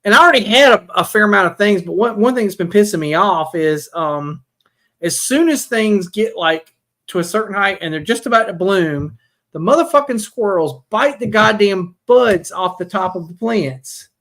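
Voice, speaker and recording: A woman in casual podcast chat, rambling and swearing, with plenty of ums and likes. Her voice sits at a middling pitch. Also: expressive, normal speed, fairly bright tone. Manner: rambling, profane, lots of fillers. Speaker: podcast co-host.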